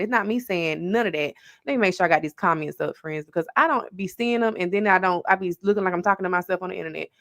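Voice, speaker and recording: An American woman hosting a livestream, telling a story in a chatty, animated way and talking straight to her viewers. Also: mid-range voice. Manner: chatty and animated, calling listeners "baby" and "friends". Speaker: livestream host. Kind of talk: casual storytelling to a live audience.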